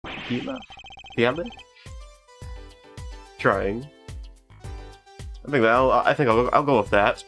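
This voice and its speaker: A man's voice: mid-range voice, a little slow, long pauses, fairly bright tone. A male streamer giving rambling, self-deprecating commentary while playing a story game, over faint game music. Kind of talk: casual let's-play commentary.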